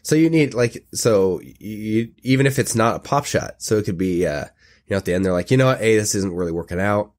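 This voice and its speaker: A man's voice: on the low side, brisk, a little mellow. A man co-hosting a comedy podcast, laid-back and hesitant, laughing often in casual banter. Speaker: podcast co-host.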